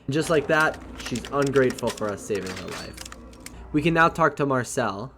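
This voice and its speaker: Man narrating a game playthrough, steady and explanatory, mid-pitched voice. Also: moderate pace, a little hiss or hum. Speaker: gameplay narrator. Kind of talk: let's play narration.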